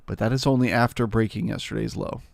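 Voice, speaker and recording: A man's voice: lowish voice, fairly even intonation, fast talker, gravelly, no echo. A man with a nasal voice hosting a live trading room, explaining market levels in a matter-of-fact way.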